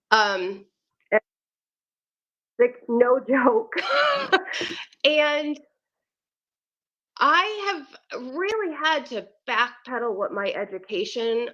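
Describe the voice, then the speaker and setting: A woman guesting on a podcast as a sex educator, chatting casually in a wry, unhurried way with light laughs. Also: a little high, bright, forceful tone, lo-fi sound. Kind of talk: casual chat.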